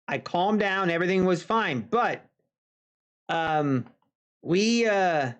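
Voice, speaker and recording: A man telling a casual story to viewers of his live trading stream, chatty, with folksy asides. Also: sits high. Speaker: futures trader streaming live. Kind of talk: casual anecdote on a livestream.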